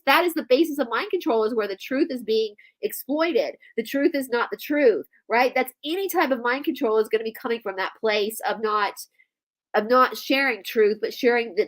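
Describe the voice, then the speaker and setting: High-voiced congested woman. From United States. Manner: animated, laughing and swearing freely. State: congested, stuffy nose. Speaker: guest. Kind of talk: casual chat.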